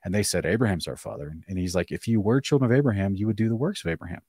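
Low-voiced man hosting a scripture talk. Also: animated, a little mellow, husky, no echo, clean studio sound. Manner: reads scripture aloud, quick restarts, chuckles. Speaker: host. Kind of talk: casual live-stream discussion.

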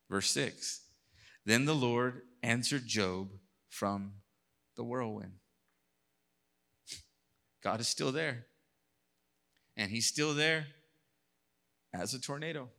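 Speaking slowly in a creaky, mid-range voice with long pauses, a male pastor delivers a sermon. He reads scripture and voices God's lines, swinging from hushed moments to loud outbursts.

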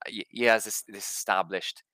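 A man's voice: fairly low pitch, steady tone, moderate pace, pushed and bright, no echo, rough recording. A man co-hosting a podcast review, talking casually and hesitantly, hedging with fillers. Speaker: podcast co-host.

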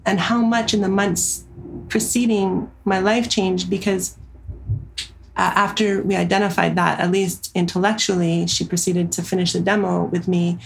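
Gravelly-voiced woman telling her story. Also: mid-range voice, a little hiss or hum, low-quality recording. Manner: earnest, animated storytelling with frequent fillers. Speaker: somatic therapist. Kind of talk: interview storytelling.

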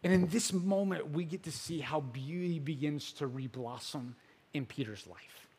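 A man giving a sermon as a pastor, telling the story casually with filler words and swinging between loud emphasis and hushed moments. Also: fairly high pitch, moderate pace, breathy edge, big-room sound.

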